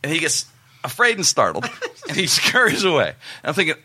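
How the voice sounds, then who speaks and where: A man telling a long story in a casual chat, in an animated way, rambling and often breaking off to restart his sentences. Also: fairly high pitch, a little fast. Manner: animated, rambling, self-interrupting.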